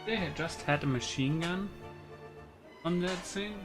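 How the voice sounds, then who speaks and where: A man's voice: high-pitched, unhurried, loud music behind the voice. A man giving casual, offhand gameplay commentary. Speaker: gamer.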